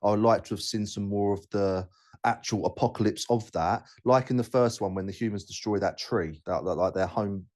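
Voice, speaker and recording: A man's voice: fairly low pitch, a little fast, darkish tone. A man hosting a casual podcast chat, talking bluntly and rambling with many restarts. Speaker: podcast host.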